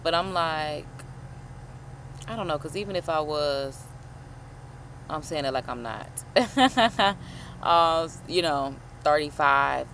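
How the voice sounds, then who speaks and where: Animated woman host, casual and slangy. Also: low-pitched, slow, pauses often, a little hiss or hum. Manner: animated, slangy, swears, calls listeners honey. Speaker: host reacting to a video. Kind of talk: casual chat.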